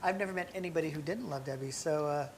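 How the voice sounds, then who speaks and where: A man guest telling chatty, animated stories in a casual conversation, full of fillers and restarts. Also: fairly high pitch, fast, slight background noise. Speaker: guest, celebrity hairdresser.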